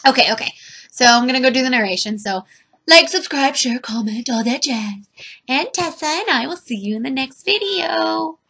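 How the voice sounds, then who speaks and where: Woman vlogger, casual chat, animated sing-song pitch, giggly and rambling. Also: moderate pace, gravelly, a little hiss or hum. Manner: giggly, rambling, chatty with her cat. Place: home room with her cat.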